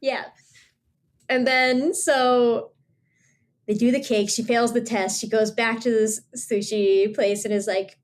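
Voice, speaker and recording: A woman hosts a podcast in relaxed conversation, retelling scenes with lots of energy and breaking into laughter often. Her voice sits fairly high, and she slips into character voices as she goes. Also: measured pace. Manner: animated storytelling, acting out characters, laughs often. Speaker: podcast host. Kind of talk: casual chat.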